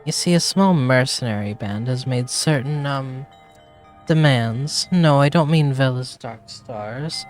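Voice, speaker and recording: A man's voice: medium pitch, unhurried, soft background music, natural voice. A man reading a nervous, rambling woman village mayor in a fantasy game, polite and fretful. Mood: flustered.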